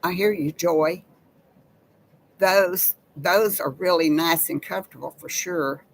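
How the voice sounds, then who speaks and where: A woman's voice: lowish voice, slow, poor audio. A woman, hosting a casual live chat with viewers in a folksy, chatty way. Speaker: live-stream host.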